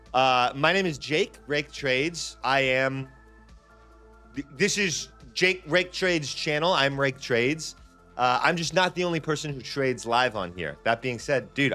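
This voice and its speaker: A man's voice: mid-range voice, pushed and bright, no room sound. A man hosting a live trading stream in a loose, chatty way, repeating phrases and restarting his sentences. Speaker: livestream trading host. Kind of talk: casual live-stream chat.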